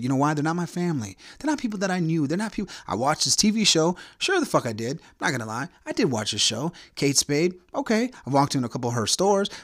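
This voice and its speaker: A man's voice: fairly high pitch, fairly bright tone, dry recording, studio quality. A man hosting his own podcast, talking through a blunt, profane, provocative solo rant. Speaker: podcast host.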